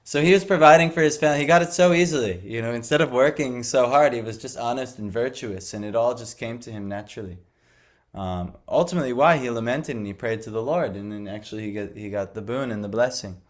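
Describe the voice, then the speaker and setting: A man's voice: medium pitch, fast talker. A young man telling a devotional story and teaching in a conversational way, full of fillers and restarts. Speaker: scripture class speaker.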